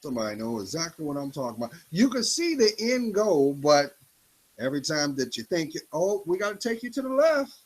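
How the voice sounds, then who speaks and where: A man giving an emphatic motivational talk in a preachy style, swinging his pitch up and down for effect. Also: big pitch swings, brisk, poor audio. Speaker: motivational speaker.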